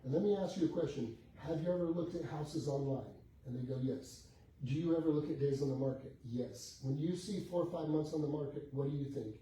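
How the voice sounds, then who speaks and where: A man's voice: a little high, brisk, mellow. Storytelling man in an echoey room. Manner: storytelling, acts out client dialogue, rhetorical questions. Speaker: real estate coach. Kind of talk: motivational talk to a live group. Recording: echoey room, heard from a distance, faint background noise.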